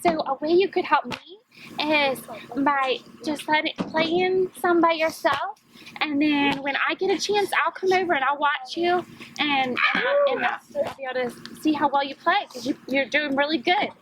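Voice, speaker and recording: A woman acting as a camp counselor, gently and encouragingly talking with a child during basketball. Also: high voice, animated, moderate pace, background noise. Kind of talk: role-play demonstration.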